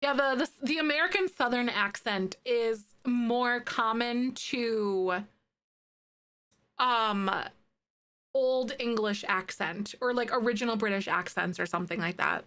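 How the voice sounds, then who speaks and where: A woman's voice: a little high, measured pace, fairly bright tone. Bubbly young woman chatting on stream. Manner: bubbly, chatty, many "like"s, answers chat. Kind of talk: casual chat while playing.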